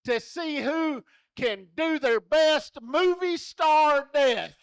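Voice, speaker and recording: Over a handheld mic at a rodeo arena, a man with an extremely high voice takes his time coaxing children into a contest, joking in a folksy way. It's lively crowd-work, recorded clean with no room sound, studio style.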